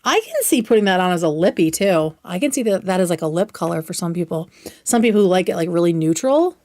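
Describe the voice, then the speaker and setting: A young woman hosting a livestream, chatting casually and excitedly while reviewing makeup, swearing now and then. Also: lowish voice, fast, no room sound, clean studio sound. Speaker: livestream host.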